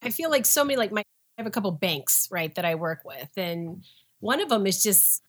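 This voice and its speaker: A woman co-hosting a podcast in casual conversation, chatty and quick to laugh. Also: mid-range voice, lively intonation, breathy edge. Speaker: co-host.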